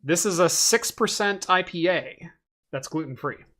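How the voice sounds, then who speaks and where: A man's voice: fairly high pitch, lively intonation, unhurried, fairly bright tone. A man hosting a casual tech podcast over a video call, chatty and laid-back with lots of fillers. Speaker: host.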